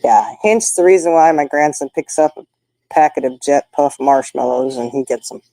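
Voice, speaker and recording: A woman's voice: low-pitched, moderate pace, warm tone, no echo, low-quality recording. An older woman, hosting a casual chat with viewers and telling folksy stories. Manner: folksy, chatty storytelling. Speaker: livestream host.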